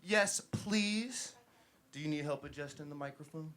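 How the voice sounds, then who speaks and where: A man's voice: fairly high pitch, unhurried, noisy background. A man in his thirties hosting a live interview, loose and joking, rambling with many fillers. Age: 30s. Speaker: host.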